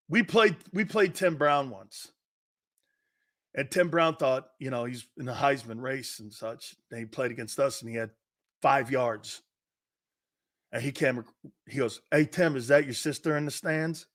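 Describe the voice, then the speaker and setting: A man's voice: mid-range voice, a bit bright. A middle-aged man hosting a sports talk show, a brash, laughing trash-talker telling stories.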